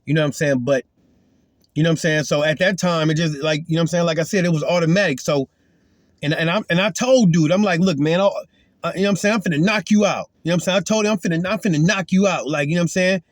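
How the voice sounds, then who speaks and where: A man's voice: on the high side, fast, no echo, studio quality. A man giving an earnest, emphatic spoken testimony as a Christian, retelling a confrontation in casual talk.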